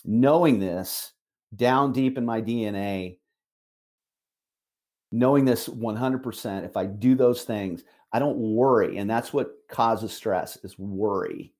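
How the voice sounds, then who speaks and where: A middle-aged man, a managing broker, giving an emphatic motivational talk on a call, repeating key phrases with slow, deliberate stress. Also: fairly low pitch, darkish tone.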